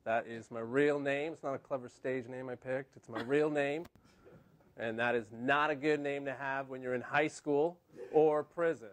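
A man in his thirties doing a stand-up comedy set on a TV studio stage, deadpan and self-mocking. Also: mid-range voice, normal speed. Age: 30s. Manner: deadpan, self-mocking punchlines with put-on quoted voices.

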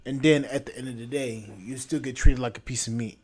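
A man's voice: mid-range voice, fairly even intonation, brisk, a little mellow. A man hosting a podcast, delivering a blunt, repetitive, scolding opinion rant. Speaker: podcast host.

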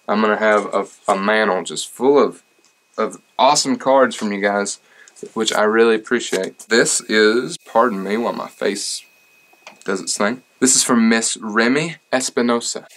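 A man's voice: on the low side, fairly bright tone, poor audio. A young man chatting casually and joking at his own expense as he opens fan mail. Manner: joking and self-deprecating. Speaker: singer and vlogger.

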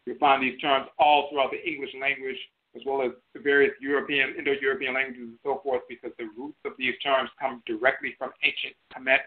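A man lectures on a talk radio show. He speaks in an emphatic, teaching manner and drives points home through repetition. His mid-pitched voice comes through a thin, phone-like line. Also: flat delivery, a little fast, few pauses. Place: internet radio broadcast by phone. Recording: tinny phone-line audio.

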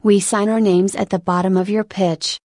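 A woman voicing a composed senior male reviewer who speaks formally and in measured terms, in a spoken story reading. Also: medium pitch, flat delivery, darkish tone, dry recording, clean studio sound, natural voice.

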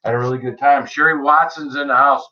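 A man's voice: mid-range voice, steady tone, fast talker, bright, forceful tone, muffled recording. A man hosting a casual livestream, greeting viewers by name in a chatty, joking way. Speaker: livestream host. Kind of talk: casual live-chat greetings.

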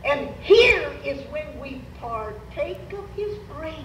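A woman's voice: high-pitched, very animated, slow pace, fairly bright tone, distant mic. An older woman preaching a sermon as a Pentecostal Bible teacher, emphatic and urging the congregation to repeat after her. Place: church meeting. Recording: roomy church hall, recorded from afar, faint noise.

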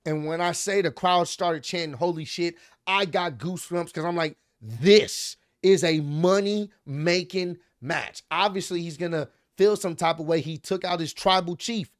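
A young man casually recapping a wrestling match, animated and excitable, with slang and swearing. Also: a little high, moderate pace, hardly any pauses, no echo, studio quality.

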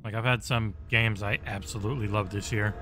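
A man's voice: fairly low pitch, fairly even intonation, a little fast, music in the background. A man casually chatting and cursing while streaming a video game. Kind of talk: casual gameplay commentary.

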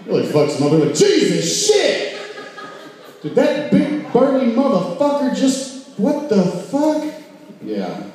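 Rowdy profane comedian, echoey club. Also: male voice, medium pitch, mellow, far from the mic. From Oklahoma, US. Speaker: stand-up comedian. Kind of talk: stand-up comedy. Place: comedy bar stage.

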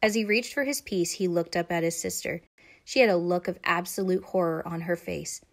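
A young adult woman narrating a children's picture book aloud, expressive and animated. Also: fairly low pitch, normal speed. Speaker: storyteller.

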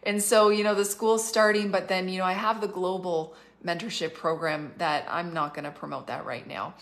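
A middle-aged woman from Canada giving livestreamed prophetic teaching, emphatic and fervent, slowing down to stress key phrases and rushing through asides. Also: on the low side, fairly even intonation, fairly bright tone. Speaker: prophetic minister and school leader.

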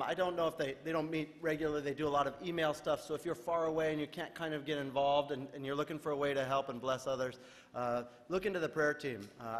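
A male pastor preaching a sermon in a relaxed, conversational way, retelling scripture in everyday modern speech. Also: on the high side. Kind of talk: casual sermon. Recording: reverberant church hall.

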